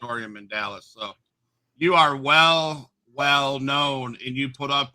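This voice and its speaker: A man's voice: mid-range voice, fairly even intonation, a little slow, bright, forceful tone. A male podcast host speaking in an upbeat, praising way to his guests. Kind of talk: podcast hosting.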